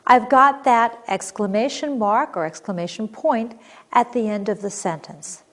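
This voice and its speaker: A woman teaching a recorded grammar lesson, reading example sentences clearly and expressively, then explaining them. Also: on the high side, unhurried, fairly bright tone.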